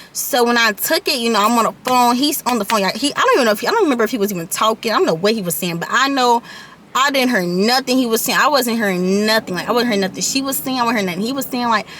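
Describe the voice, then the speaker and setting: A teenage woman tells her story to camera in a loose, chatty storytime style. Her voice sits a little high and rings bright. She keeps circling back over the same point and talks to her viewers as y'all. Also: a little hiss or hum. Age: late teens. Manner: chatty, addresses viewers as y'all, repeats herself. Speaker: vlogger. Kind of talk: storytime vlog.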